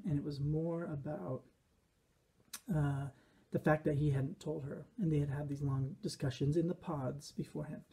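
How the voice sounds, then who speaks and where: Casting note: man, rambling reflective commentator, dark mellow tone with a husky edge. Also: fairly high pitch. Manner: rambling, reflective, with quoted asides. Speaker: behaviorist commentator. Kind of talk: casual commentary.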